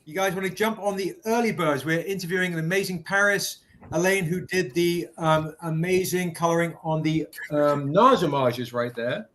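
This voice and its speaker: Guy hosting a live stream, kinda high voice, chatty, shouting out viewers by name. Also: moderate pace. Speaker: livestream host. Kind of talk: casual livestream product pitch.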